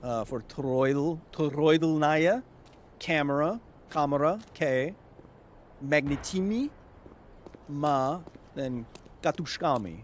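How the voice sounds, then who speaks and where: A man's voice: fairly high pitch, animated, slow pace, long pauses, a little hiss or hum. A man streaming a video game live, yelping in surprise at enemies and explaining science at length to his chat. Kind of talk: live gameplay commentary. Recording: loud game gunfire behind voice. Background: game gunfire and ambience.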